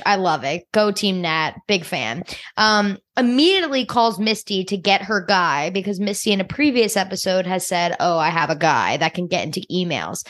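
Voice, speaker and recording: A woman walks through an episode's plot in easy, conversational chat, slipping into the characters' lines as she goes. Her voice is mid-pitched and lively. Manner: animated storytelling, acts out scenes. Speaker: podcast co-host. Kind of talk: casual TV recap chat.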